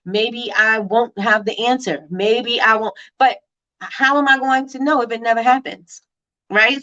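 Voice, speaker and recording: Fast-talking woman hosting a lo-fi livestream. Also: medium pitch. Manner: fast-talking, animated, reads out viewer comments. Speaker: livestream host. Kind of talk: casual live-stream chat.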